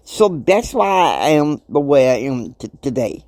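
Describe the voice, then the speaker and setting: A man in his fifties hosting a motivational podcast, talking emphatically and preachily. He swings between soft asides and loud outbursts. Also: fairly high pitch, big pitch swings, takes it slowly, no room sound, studio quality. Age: 50s. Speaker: podcast host.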